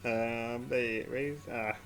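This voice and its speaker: A man's voice: medium pitch, steady tone, very slow, fairly bright tone, faint music behind. A man eating chili as he scrolls his feed, rambling, giggling and trailing off mid-sentence. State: eyes watering from spicy food. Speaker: vlogger. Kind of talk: casual commentary while eating.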